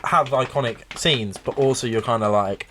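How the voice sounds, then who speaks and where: A man's voice: mid-range voice, moderate pace, a bit bright, a little hiss or hum. A man co-hosting a comedy podcast, chatting casually, swearing freely and acting out film scenes in silly voices. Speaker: podcast co-host.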